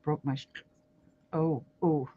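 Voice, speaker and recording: A woman's voice: sits low, fairly even intonation, slow pace, breathy edge. A woman hosting a crochet livestream, chatting casually and outspokenly as she works, laughing often. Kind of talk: casual chat while crocheting. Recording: dull lo-fi livestream audio.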